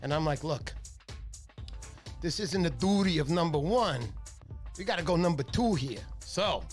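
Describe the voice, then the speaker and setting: A man hosting a casual fishing livestream, chatty and animated, with a stuffy nose from a cold. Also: on the high side, unhurried, faint music behind. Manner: chatty storyteller, animated impressions.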